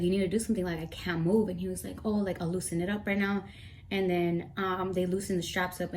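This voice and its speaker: A woman's voice: fairly low pitch, slight background noise. A young woman vlogger telling an emotional story, tearful and rambling as she recounts it. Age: young adult. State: teary. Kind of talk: storytime vlog.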